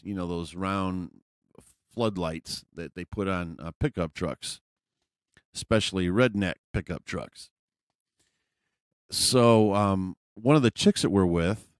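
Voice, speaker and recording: A man with a low voice tells a story in a loose, rambling style. He swears freely and leans on fillers. The sound is close and dry, with no room echo. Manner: rambling, profane, frequent fillers. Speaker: vlogger. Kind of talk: casual storytelling.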